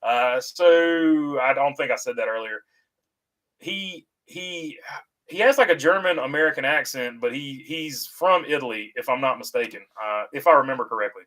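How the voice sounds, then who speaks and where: A man at a middle pitch hosts a casual live stream and answers viewer comments. He talks in an easygoing, halting way, full of "uh" fillers and restarts, and he reassures his regulars in a friendly tone. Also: a bit bright, low-quality recording. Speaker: host reading viewer comments. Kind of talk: casual livestream chat about racing.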